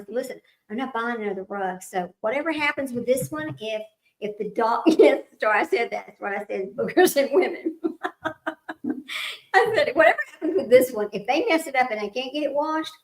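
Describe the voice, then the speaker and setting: A woman's voice: high-pitched, fairly bright tone. A woman hosting a trivia livestream, chatting casually with viewers and often laughing at herself as she rambles. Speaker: livestream host running trivia. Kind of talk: casual chat with live viewers. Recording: roomy echo.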